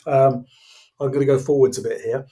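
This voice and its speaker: A man, a podcast guest, telling an animated story and acting out the dialogue, laughing as he goes. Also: mid-range voice, fairly quick, husky. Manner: acts out quoted dialogue, laughs while telling. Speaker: guest, former innovation executive.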